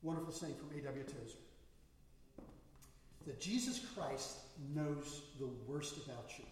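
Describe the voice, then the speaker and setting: A man's voice: fairly high pitch, measured pace, a little mellow, recorded from a distance, a little hiss or hum. Man preaching in an echoey hall. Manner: storytelling, rising to emphatic bursts. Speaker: pastor. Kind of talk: sermon. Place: church sanctuary.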